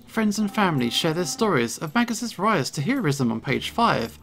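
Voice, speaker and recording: A man's voice: fairly high pitch, very animated, normal speed, vocal fry, fairly bright tone, pitched above the performer's own voice, heavily acted. A man voicing a newspaper seller in a video game, announcing headlines in a sing-song way. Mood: hawking.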